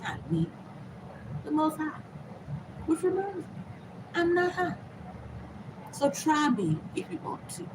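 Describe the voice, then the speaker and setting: A woman talking straight to her viewers in a casual, emphatic vlog monologue, moving between loud, swearing outbursts and hushed, half-whispered asides. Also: sits high, animated, a little slow, pauses often, background noise. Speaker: vlogger, host of her own channel.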